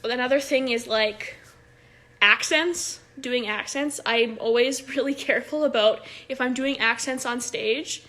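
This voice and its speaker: A woman's voice: on the high side, measured pace, bright, forceful tone. A young woman talking casually on a phone livestream as an improv coach, chatty, with many fillers and frequent laughs.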